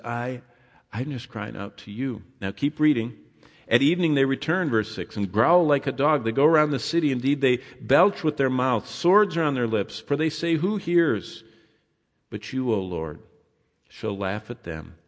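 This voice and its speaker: A man preaching a sermon, rising loud when he reads scripture and dropping soft on his asides. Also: mid-range voice. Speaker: pastor. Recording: long hall reverb.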